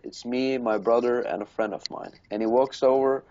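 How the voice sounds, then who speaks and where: A man's voice: medium pitch, fairly even intonation, moderate pace, darkish tone. A man from Norway, casually telling profane, laughing stories as a podcast co-host. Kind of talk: casual chat. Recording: dull lo-fi recording.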